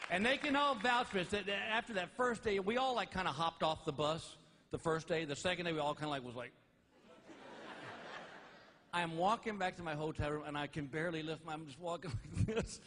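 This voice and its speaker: A middle-aged man doing live stand-up comedy on stage, telling stories and landing each punchline slowly and loudly. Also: a little high, big-room sound. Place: large theater with audience. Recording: live stage recording with crowd laughter and noise. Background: audience laughing.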